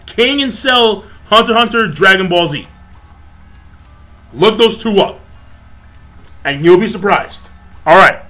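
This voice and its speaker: Animated, profane young man ranting. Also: high voice, unhurried, long pauses, soft background music. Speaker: vlogger. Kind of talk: casual rant to camera.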